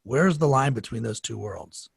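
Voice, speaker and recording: A man's voice: medium pitch, expressive, moderate pace, vocal fry, husky, dry recording. A man in a podcast interview, asking earnest, reflective questions. His voice sounds dry and close, with no room around it. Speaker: podcast host. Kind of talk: conversational interview.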